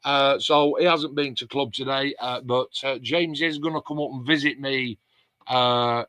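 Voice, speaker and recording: A man's voice: medium pitch, steady tone, measured pace, pushed and bright, no room sound. Chatty man hosting a live stream. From England. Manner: chatty, reads out viewer comments. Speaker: host of a model-building live stream. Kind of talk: casual live-stream chat.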